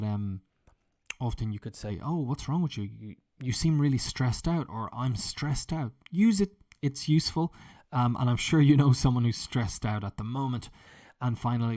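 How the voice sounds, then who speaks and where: A man's voice: mid-range voice, darkish tone. A man teaching an English lesson, explaining vocabulary with example sentences in a chatty way. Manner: chatty, with frequent fillers and restarts.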